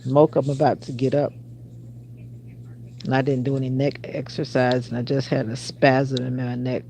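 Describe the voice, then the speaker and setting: A woman's voice: rumbling low, flat delivery, normal speed, creaky, mellow, a little hiss or hum. A woman hosting a casual livestream, chatting and answering viewer comments aloud. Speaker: livestream host.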